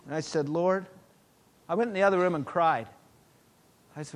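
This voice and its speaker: A middle-aged man preaching a sermon, telling a personal testimony with animated swings between loud exclamations and hushed asides. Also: a little high, moderate pace.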